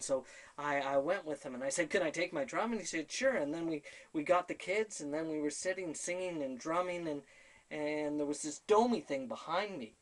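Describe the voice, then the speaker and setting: A man telling a personal story to camera, animatedly quoting conversations and laughing at himself. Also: fairly high pitch. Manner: animated, quotes conversations in his own voice. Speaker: spiritual storyteller.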